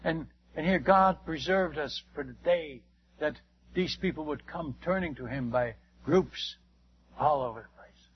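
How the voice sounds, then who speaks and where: An older man, a missionary preacher, telling stories in a sermon, animated and acting out the dialogue with frequent restarts. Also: on the high side, measured pace, husky, dull audio. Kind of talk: sermon storytelling.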